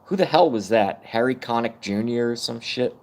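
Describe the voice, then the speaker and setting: A man's voice: mid-range voice, expressive, moderate pace, darkish tone. Thirties male streamer, loose self-mocking rant, lots of swearing. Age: 30s. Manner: profane, rambling, self-mocking. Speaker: live streamer. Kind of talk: casual rant on a live stream.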